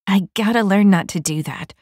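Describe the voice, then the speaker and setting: A woman's voice: medium pitch, normal speed, darkish tone, slightly rough, no echo, clean studio sound, voice pushed up, close to an everyday voice. A woman voicing a nervous young female recruit in a mech body, asking hesitant, timid questions in an audiobook.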